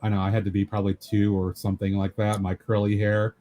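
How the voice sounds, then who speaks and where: Brief: easygoing man, low voice, casual co-host chat. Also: level tone, fast talker, dark tone, a little hiss or hum. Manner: laid-back, brief supportive replies.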